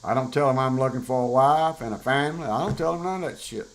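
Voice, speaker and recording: A man's voice: mid-range voice, quick pace, poor audio. An older man, talking bluntly and profanely in a rambling, casual monologue as a show host. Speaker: podcast host.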